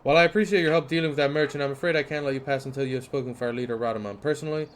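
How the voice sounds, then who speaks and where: A smug toll guard, as a gamer puts him on, courteous on the surface and sly underneath. The voice sits near a plain middle pitch. It comes as game dialogue read aloud. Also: male voice, steady tone, rapid-fire, close to an everyday voice. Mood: mocking. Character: smug male toll guard, falsely polite.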